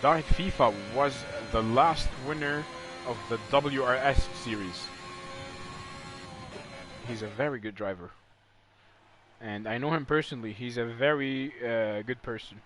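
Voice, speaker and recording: A man commentating a sim racing league live, excitable and rambling, stumbling over words when excited. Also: mid-range voice, measured pace, long pauses, faint music behind.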